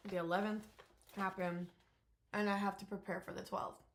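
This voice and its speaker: A young woman shares a loose, unscripted vlog update in a voice of ordinary middle pitch. She talks candidly and meanders, filling gaps with "um" and "like" and letting a swear word slip now and then. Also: level tone, normal speed, slight background noise. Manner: candid, rambling, frequent fillers and swearing. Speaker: vlogger.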